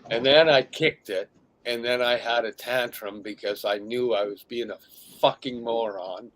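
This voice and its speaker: A man's voice: mid-range voice, normal speed, a bit bright, poor audio. A middle-aged man co-hosting a podcast, telling a painful memory candidly and dropping almost to a whisper at the heaviest moments. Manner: emotional storytelling, drops to a near whisper at heavy moments. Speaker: podcast co-host. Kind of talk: candid conversation.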